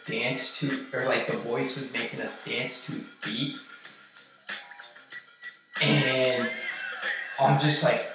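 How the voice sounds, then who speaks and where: A man recounting a personal experience in a halting, rambling way, full of fillers and swearing. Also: medium pitch, steady tone. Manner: halting, filler-heavy, profane. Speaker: vlogger recounting a trip. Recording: very echoey, distant mic, music behind.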